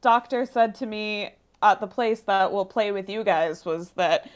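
A woman's voice: medium pitch, unhurried. A woman in her late twenties, a podcast guest, chatting casually and laughing between phrases. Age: 20s. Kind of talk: casual chat.

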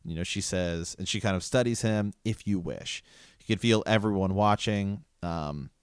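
A man's voice: lowish voice, normal speed, clear, resonant tone, no room sound, clean studio sound. A man in casual conversation about a book, reading passages aloud and reacting with enthusiasm. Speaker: podcast co-host discussing a book.

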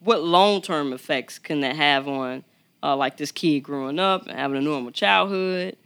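A podcast host in casual chat who gives theatrical, animated introductions. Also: medium pitch, normal speed, clear, resonant tone.

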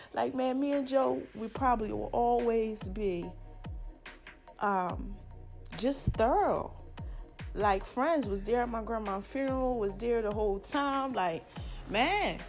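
A woman, hosting a podcast and giving casual, affectionate shout-outs in a chatty, slangy way. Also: a little high. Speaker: podcast host.

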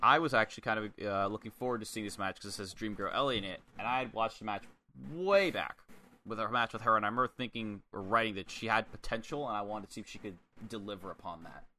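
A man with a strikingly bright, forceful voice, chatting casually on a podcast about a wrestling match. His pitch sits a little low. He's animated, swears freely and jumps into quick impressions. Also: slight background noise. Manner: animated, swears, acts out quotes. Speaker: podcast co-host. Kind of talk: casual wrestling review chat.

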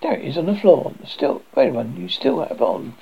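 A man voicing a calm, mocking male visitor who drops in at midnight and teases his host in a dry manner. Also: a little high, normal speed, creaky, husky, exaggerated voice. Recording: dull lo-fi recording.

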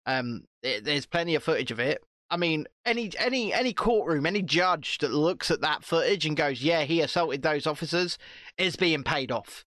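A man's voice: on the high side, lively intonation, moderate pace, few pauses, bright, forceful tone, dry recording, clean studio sound. A man co-hosting a podcast, ranting and swearing in casual political chat, often repeating himself. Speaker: podcast co-host.

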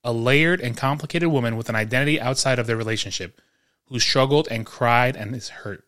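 A man of ordinary pitch co-hosts a casual podcast from his home. He rambles through anecdotes and opinions, stumbling over repeated words and pausing to clear his throat. His tone stays relaxed and conversational throughout. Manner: rambling storyteller with frequent restarts and throat clearing. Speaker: podcast co-host. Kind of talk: casual chat.

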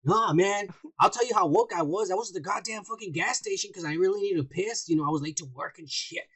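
Male podcast host, high and raspy, loud profane storyteller. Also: sing-song, fast talker. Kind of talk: profane casual banter.

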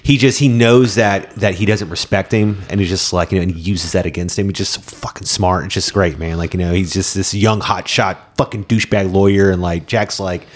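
Low-voiced man in casual movie chat. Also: fairly even intonation, fairly quick, hardly any pauses. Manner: loose, profane, enthusiastic, many fillers. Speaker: podcast co-host.

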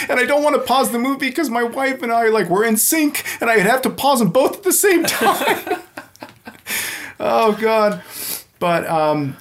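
A man in casual conversation, telling his story with plenty of energy. He laughs often and slips into little impressions as he goes. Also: high voice. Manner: animated storyteller who laughs often and acts out movie lines. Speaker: podcast guest. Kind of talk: casual chat.

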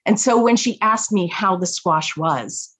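A woman telling a family story in an unhurried, reflective way. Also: mid-range voice, fairly bright tone, slightly rough. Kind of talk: personal story told to an audience.

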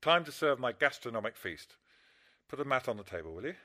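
A man's voice: medium pitch, big pitch swings, fairly quick, bright, forceful tone. A man playing a breezy, joking partner. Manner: breezy, joking, puts on a mock Italian accent. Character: easygoing adult man, the woman's partner. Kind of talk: radio drama acting.

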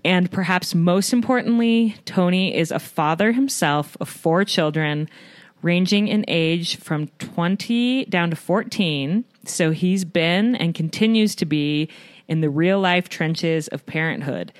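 Reading a written intro for her podcast aimed at moms, a warm American host in her thirties adds gentle self-deprecating jokes. She speaks in a lowish voice, unhurried, with no room sound.

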